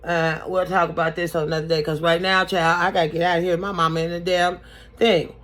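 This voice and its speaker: A woman voicing a brash, defiant teenage girl who exclaims loudly and sassily in a retold story. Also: on the low side, little pitch movement, a little fast, natural voice. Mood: dismissive. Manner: loud, sassy, exclaiming.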